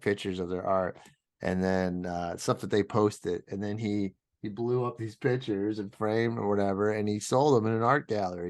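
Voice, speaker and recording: A man co-hosting a podcast in casual chat, teasing and animated, swearing casually. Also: lowish voice, no room sound. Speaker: podcast co-host.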